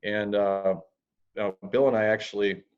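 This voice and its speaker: A man with a low voice speaks plainly and bluntly as an interview guest. His humor is dry, and now and then he drops a crude word. The audio is dull and lo-fi. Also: fairly even intonation, measured pace, clear, resonant tone. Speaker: real estate investor guest. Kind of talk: podcast interview.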